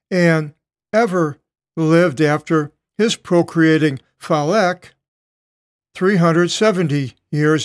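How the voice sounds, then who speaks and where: An older man teaching a verse-by-verse Bible study, reading slowly with frequent pauses and self-corrections as he explains Greek words. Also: a little high, no room sound, studio quality.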